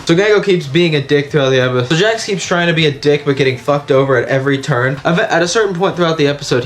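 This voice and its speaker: A man giving a frank, chatty video review with lots of swearing. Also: on the high side. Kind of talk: casual video review commentary.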